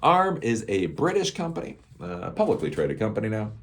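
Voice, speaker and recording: A man's voice: lowish voice, wildly swooping pitch, brisk, slightly rough. A middle-aged man hosting a casual, rambling tech commentary show, sarcastic and laughing at his own jokes.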